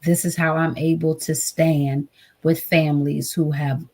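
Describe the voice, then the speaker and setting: A woman's voice: low voice, little pitch movement, measured pace, dark tone. A woman guest, a trauma advocate, telling an emotional personal story in an earnest way. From United States. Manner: earnest, acts out quoted voices.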